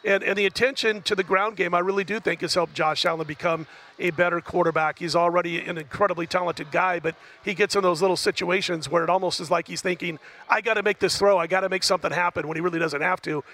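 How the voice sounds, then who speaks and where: A man with a notably high voice walks through football numbers and picks on a sports betting show. He talks in a measured, analytical way. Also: fairly even intonation, bright, forceful tone.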